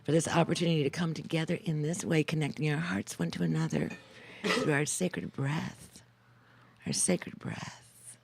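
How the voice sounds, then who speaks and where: A woman's voice: low voice, lively intonation, brisk, vocal fry, noisy background. A woman co-host leading a guided breathing meditation, chanting repeated words in a sing-song way.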